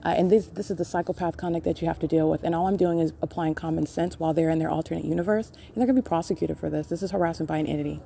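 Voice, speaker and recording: Brief: woman, lowish dark voice, insistent and accusing, phone recording with faint background noise. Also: fairly even intonation, very fast, vocal fry, hardly any pauses. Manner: accusing, insistent, repeats herself. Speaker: podcast host recording her own encounters. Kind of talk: live self-recorded commentary. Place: public library.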